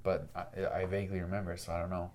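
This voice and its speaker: A man's voice: sits low, little pitch movement, quick pace, darkish tone. A young man co-hosting a casual podcast, speaking hesitantly, trailing off and tossing in jokes. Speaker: podcast co-host. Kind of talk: casual chat.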